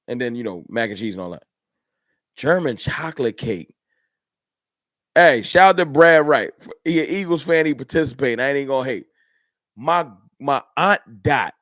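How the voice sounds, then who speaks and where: A relaxed, talkative man hosts a live fan stream, picking up viewer comments and answering them as he goes. His voice sits at an ordinary middle pitch. The sound is dry and close, with no room echo. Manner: laid-back, chatty, reads out and answers viewer comments. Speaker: livestream host. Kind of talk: casual livestream chat.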